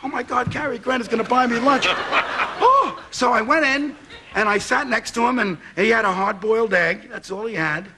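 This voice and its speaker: A man's voice: extremely high pitch, moderate pace, very noisy. A man, telling a comic anecdote as a talk show guest and acting out both sides of the dialogue. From Brooklyn, New York. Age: 60s. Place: TV studio.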